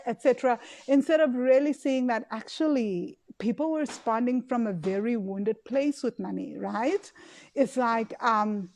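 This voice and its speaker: Woman host, lightly raised pitch, expressive and conversational. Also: measured pace. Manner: emotive, chatty, fillers and tag questions. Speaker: podcast host and money coach. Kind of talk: casual solo podcast talk.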